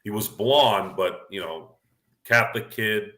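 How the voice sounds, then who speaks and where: A man's voice: lowish voice, a little slow, fairly bright tone. A man hosting a casual chat, talking in an opinionated, rambling way with frequent restarts. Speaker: podcast host. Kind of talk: casual sports and movie chat.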